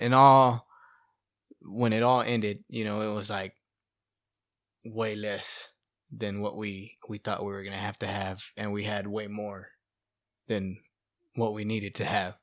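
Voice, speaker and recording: A man's voice: on the low side, dry recording, studio quality. A middle-aged man telling his life story in casual chat, acting out what people said and saying "you know" and "bro" a lot. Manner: animated, acts out quotes, fillers like "you know" and "bro". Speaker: guest sharing testimony.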